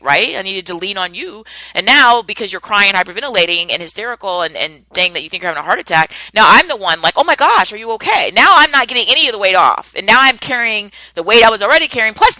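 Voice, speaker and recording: A woman hosting a solo podcast as a coach, talking in an animated way and acting out the people she quotes with big exclamations. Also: lowish voice, no room sound, low-quality recording.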